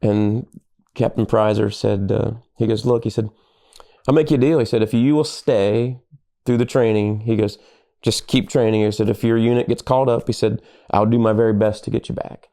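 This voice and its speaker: A middle-aged man, a pastor and podcast guest, telling animated stories in casual conversation and acting out the lines of people he quotes. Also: lowish voice, normal speed, vocal fry.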